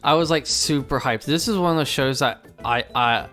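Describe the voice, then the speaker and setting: A young man hosting a casual anime review chat, excitable and slangy, swearing freely. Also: medium pitch, normal speed. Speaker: host. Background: faint game music.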